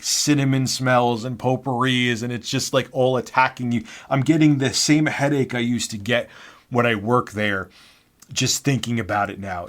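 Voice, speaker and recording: A man in his forties telling a personal story in a blunt, sarcastic way, with casual swearing. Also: mid-range voice. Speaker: YouTube host.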